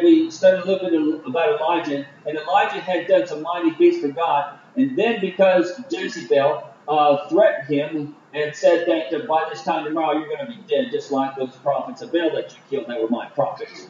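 A man's voice: a little high, fairly even intonation, a little mellow, a little hiss or hum. Man preaching from far off in a roomy hall. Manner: halting, many fillers and restarts. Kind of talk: Bible study sermon. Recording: distant, roomy, dull lo-fi.

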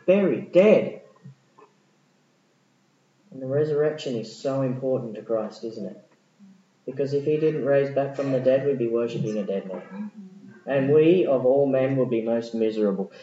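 An animated male preacher, his voice mellow and dark. He swings from loud, rising exclamations down to hushed asides. The recording is dull and roomy, full of echo. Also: fairly high pitch, slight background noise. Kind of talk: sermon. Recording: dull echoey room recording.

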